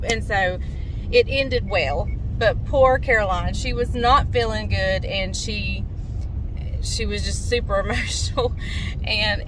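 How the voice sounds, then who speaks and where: A middle-aged woman talks at an everyday pitch, rambling through a story with lots of asides as she vlogs. She is recorded inside a moving car, with clear road noise underneath her voice. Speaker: vlogger. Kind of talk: casual storytelling vlog.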